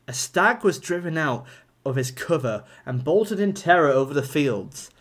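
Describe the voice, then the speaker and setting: A man's voice: a little high, lively intonation, moderate pace, fairly bright tone. A man, streaming a comedy rant, swearing and repeating himself in mock indignation.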